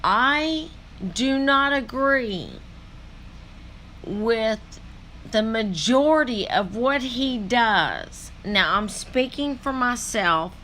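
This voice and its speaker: A woman rambles slowly through casual reaction commentary, stopping often for fillers. Her bright voice swings widely in pitch. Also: lively intonation, slight background noise. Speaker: reaction video host.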